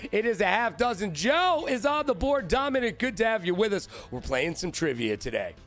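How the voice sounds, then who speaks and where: A man hosting a live-streamed trivia show, hyped and playful, shouting out viewers by name. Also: sits high, very animated, normal speed, soft background music.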